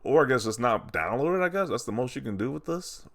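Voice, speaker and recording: A man's voice: medium pitch, lively intonation, quick pace, creaky, a bit bright. A young man hosting a gaming channel, rambling in casual commentary with lots of "like" and incredulous questions.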